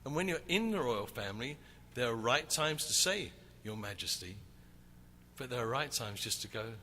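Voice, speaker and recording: Lively man in a big hall. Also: medium pitch, a little fast, a little hiss or hum. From England. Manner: animated, acts out shouting crowd. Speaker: worship leader. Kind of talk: conference teaching with a story. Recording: reverberant hall, faint ambience.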